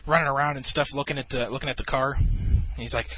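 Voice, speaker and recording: A man in his twenties telling a long, rambling story in casual chat, deadpan and full of swearing. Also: medium pitch, fast talker, a little hiss or hum. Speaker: gamer narrating over a replay.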